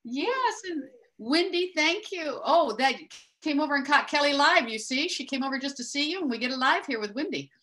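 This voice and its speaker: A woman guest on a live stream, a psychic reader who speaks in an earnest, warm way. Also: high voice, expressive, moderate pace. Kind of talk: casual live-stream chat.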